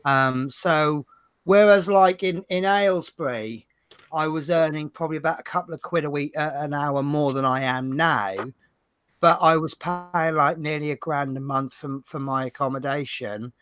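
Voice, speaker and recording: A man's voice: on the high side, moderate pace, a bit bright, clean tone. Chatty man with a Norfolk accent. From Norfolk, England. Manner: chatty, rambling, self-mocking. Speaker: livestream host. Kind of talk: casual livestream chat.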